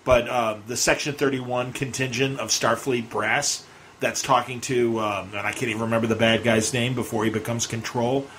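A man with a mid-pitched voice hosts a loose, casual chat. He is talkative and opinionated, and he often trails off mid-sentence before picking up a new thought. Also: level tone, normal speed, fairly bright tone, slight background noise. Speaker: host.

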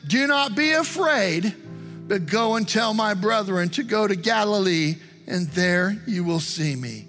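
Pastor, male, high and bright, earnest sermon delivery over soft music. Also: lively intonation, unhurried. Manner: earnest preaching with prayerful asides. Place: church. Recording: online service stream with music.

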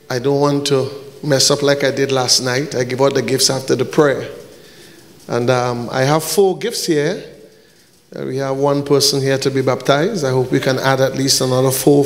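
A man with a voice on the high side preaches as a pastor in a church hall, his words followed by a long reverb tail. Handing out gifts during the service, he jokes with the congregation and occasionally breaks into short snatches of song.

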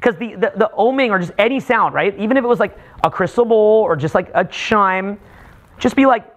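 A man's voice: high-pitched, a little fast. A man coaching a live seminar through a group meditation, loose and joking, swearing often and full of filler words. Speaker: dating coach leading a seminar. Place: seminar room in California, audience present. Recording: live seminar recording, loud crowd.

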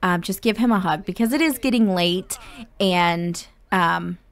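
A woman's voice: fairly low pitch, unhurried. A woman casually narrating a life-simulation game, chatty and full of ums. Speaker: gameplay narrator.

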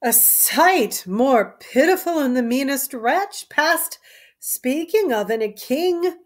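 A woman reading aloud as a formal, earnest gentleman of the court. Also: sits high, animated, slow, voice pushed up. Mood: solemn.

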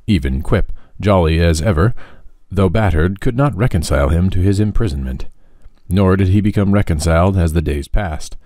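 A man narrating a classic children's book aloud in an expressive, animated storytelling manner. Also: deep voice, moderate pace, dry recording, studio quality. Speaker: audiobook narrator.

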